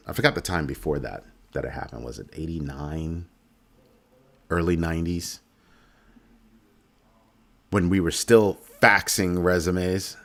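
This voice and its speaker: A middle-aged man with a very low voice rants as host of his own finance show. He sounds heated and sarcastic, and he leans hard on his points. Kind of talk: ranting monologue.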